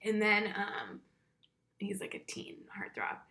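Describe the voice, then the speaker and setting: A woman's voice: medium pitch, lively intonation, takes it slowly, pushed and bright. A woman co-hosting a podcast, gossiping casually and giggling, with lots of "like". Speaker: podcast co-host. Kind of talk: casual chat.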